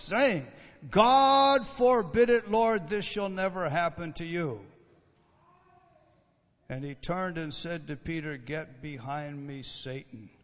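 A man preaching a sermon, retelling scripture with dramatic swings from raised emphasis to a hushed, low voice. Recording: dull sound in a large reverberant hall.

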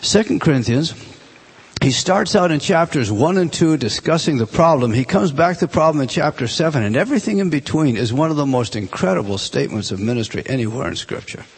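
A man teaching a Bible class, emphatic and animated, restarting phrases often as he explains a text. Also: on the high side, quick pace, few pauses, slightly rough.

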